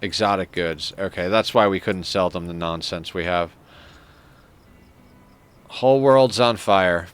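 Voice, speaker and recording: A man's voice: low-pitched, measured pace, pauses often, clean tone. A man streaming a game live who rambles in casual, profane commentary, chuckling often as he talks into a desk microphone.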